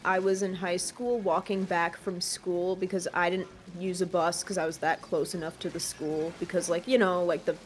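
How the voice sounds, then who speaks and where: A woman's voice: lowish voice, level tone, moderate pace, few pauses, slight background noise. A woman chatting casually while gaming, telling a story with filler words and asides. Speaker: stream co-player.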